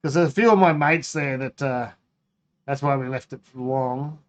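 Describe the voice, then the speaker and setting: A man's voice: medium pitch, moderate pace. An Australian man chatting casually on his home-brewing live stream, rambling, laughing and breaking off mid-sentence. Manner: rambling, laughing, self-interrupting.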